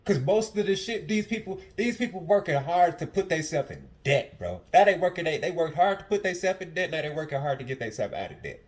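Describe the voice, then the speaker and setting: A man's voice: a little high, lively intonation, a little fast, hardly any pauses. A young man hosting a casual podcast at home, talking in a passionate, profane monologue that repeats itself. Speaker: podcast host.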